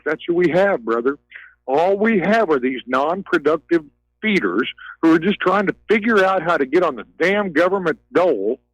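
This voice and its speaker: A man's voice: a little high, a bit bright, no echo, low-quality recording. A man ranting heatedly on a talk radio call, repeating himself and swinging between outrage and despair. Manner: agitated, ranting, repeats words.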